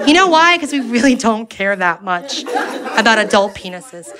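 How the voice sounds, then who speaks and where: A middle-aged woman performing a stand-up comedy set on stage, animated, with her voice jumping up high when she quotes herself. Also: moderate pace, a loud crowd. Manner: animated, jumps high in pitch for quoted exclamations. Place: comedy club stage with audience laughter.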